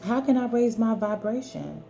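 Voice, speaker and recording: A woman's voice: a little high, animated, normal speed, vocal fry, warm tone, slight background noise. A woman giving an earnest, preachy talk straight to the viewer, hammering her points home with repeated emphatic phrases. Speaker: spiritual wellness speaker. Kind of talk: direct-to-camera talk.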